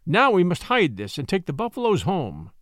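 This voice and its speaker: A man's voice: high-pitched, huge pitch swings, normal speed, fairly bright tone, dry recording, studio quality, full character voice. A man voicing a proud, defiant boy raised by wolves, speaking boldly and scornfully. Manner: bold, scornful.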